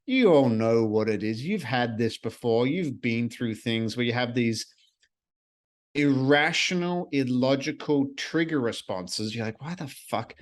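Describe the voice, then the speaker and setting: A man's voice: mid-range voice, expressive, unhurried. A man hosting a solo podcast, talking earnestly and reflectively in a casual way, with the odd swear word. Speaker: podcast host.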